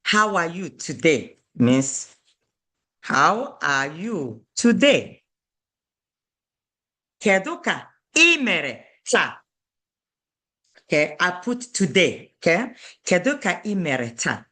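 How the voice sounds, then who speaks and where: Bright, lively language teacher. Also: medium pitch. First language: Igbo. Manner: patient, repeats phrases slowly for learners. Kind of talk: beginner language lesson.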